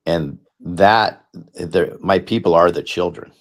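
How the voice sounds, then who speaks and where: A middle-aged man with a very low, deep voice talks with earnest conviction, hammering his points by repeating phrases. He speaks like a guest on a discussion panel. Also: slow. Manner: earnest, repetitive, emphatic. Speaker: guest speaker, political candidate. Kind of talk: impassioned panel talk.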